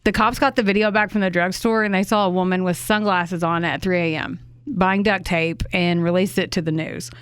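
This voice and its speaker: A fairly low-voiced woman tells a true crime story to her co-host. She talks casually and swears freely when something angers her. The sound is dry and close, with no room around it. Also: steady tone, a little fast, fairly bright tone, clean tone, no echo. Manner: conversational, swears freely, indignant asides.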